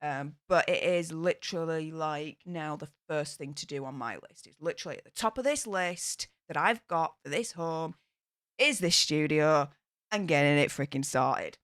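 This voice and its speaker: Speaking at a normal speed in a deep, slightly bright voice, this woman runs a relaxed livestream from a home studio in a new house. Her talk is cheerful and chatty, full of fillers, with no echo in the room.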